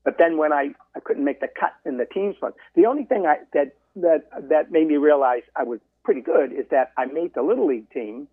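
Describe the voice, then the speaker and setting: A man's voice: fairly high pitch, brisk, few pauses, slightly rough, dry recording. A man around seventy from Massachusetts, a marathon runner and guest, telling his story in an interview and acting out his dialogue with other people. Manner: animated storyteller who quotes people in dialogue. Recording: dry, phone-like line.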